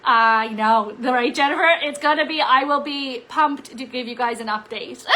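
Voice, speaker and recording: A woman's voice: a little high, measured pace, bright, forceful tone, a little hiss or hum, poor audio. A middle-aged woman, a psychic medium, giving a live weekly card-reading forecast in an upbeat, emphatic, encouraging way, often checking in with "okay?" and "right?". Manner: upbeat, emphatic, encouraging, talks straight to viewers. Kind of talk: live-streamed casual forecast talk.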